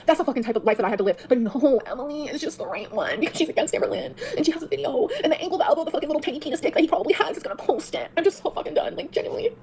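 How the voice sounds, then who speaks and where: A woman's voice: high voice, animated, racing, hardly any pauses, crowd noise. A woman streamer venting in a bitter, profane rant. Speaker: streamer in a played clip. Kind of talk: angry livestream rant.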